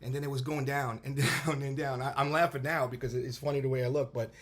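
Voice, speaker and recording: A man from New York recounts a personal experience in an unscripted vlog. His voice sits at an ordinary middle pitch, and he tells the story animatedly, stumbling and restarting as he goes. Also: flat delivery, quick pace, fairly bright tone. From New York, USA. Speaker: vlogger telling a personal testimony. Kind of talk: casual spoken testimony.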